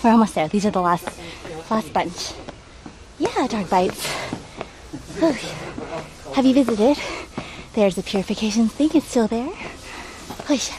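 A slightly high-voiced woman chats her way up outdoor stairs, out of breath and talking through a face mask. She greets viewers by name in a chatty, self-deprecating way. Clear outdoor noise runs under her voice. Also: lively intonation, a little slow, long pauses. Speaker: travel livestreamer. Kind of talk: casual livestream chat, reading chat aloud. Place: outdoors, climbing stairs at a shrine. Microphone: wearing a face mask while talking. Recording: outdoor livestream with background noise.

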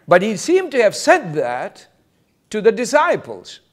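A man preaches a sermon as a pastor, quoting scripture and acting out brief exchanges with lively delivery. His voice sits high, and he keeps a measured pace.

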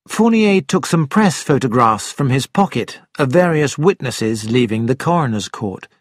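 A man giving steady, plain scripted narration for an audiobook. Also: medium pitch, moderate pace, no echo, clean studio sound.

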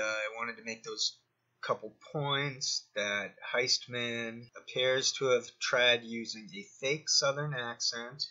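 A man's voice: medium pitch, pushed and bright, highs cut off. A man hosting a commentary channel, digressing as he talks himself through his points in a rambling monologue.

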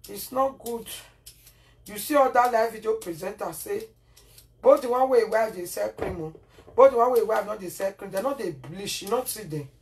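A woman's voice: medium pitch, moderate pace, darkish tone, recorded from a distance. A woman speaking Nigerian Pidgin in a home kitchen as she cooks for her vlog, scolding and repeating herself, often asking "Eh?". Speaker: cooking vlogger. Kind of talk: casual cooking vlog rant. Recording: voice from off the mic, faint noise.

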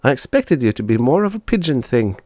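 A bossy little boy scientist talks down to his sister, blunt and sure of himself, as a man acts him out. The voice sits a little higher than a grown man's, lively and dry. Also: fairly quick, no room sound, lightly acted. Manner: blunt and dismissive. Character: bossy, know-it-all young boy scientist.

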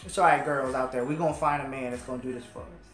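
A man's voice: mid-range voice, fast talker, fairly bright tone, echoey room. A man hosting a music video reaction, gushing and playful as he comments. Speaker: host of a music reaction channel.

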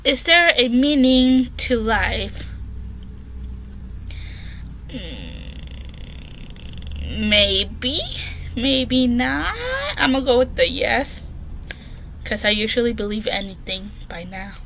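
Woman host, jumpy horror game commentary from her bedroom; slow and bright, a bit high, faint home noise behind. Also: vocal fry. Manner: reads questions aloud and answers them, jumpy and chatty. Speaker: gaming channel host.

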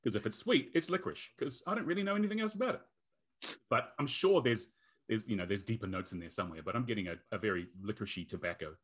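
New Zealand man, low dry voice. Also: animated, fast talker, a bit bright, husky. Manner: dry, self-mocking humor. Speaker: guest. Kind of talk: casual chat.

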